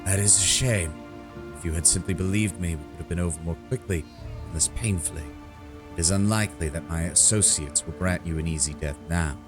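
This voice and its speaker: A proud, cold-blooded male dark elf assassin speaks in slow, measured contempt, read aloud by a man. The voice sits very deep and low, and each line comes out cool and unhurried. Music plays faintly underneath. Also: close to an everyday voice. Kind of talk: reading game dialogue aloud.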